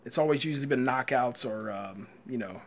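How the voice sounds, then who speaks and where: A man's voice: mid-range voice, fairly quick. A man giving a live, rambling reaction rant, frustrated and full of fillers like "man". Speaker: boxing commentator host.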